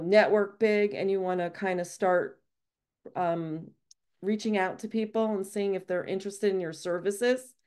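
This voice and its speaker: A woman social media trainer walking viewers through a webinar screen-share, talking fast and chatty with frequent restarts. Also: mid-range voice, darkish tone, clear, resonant tone.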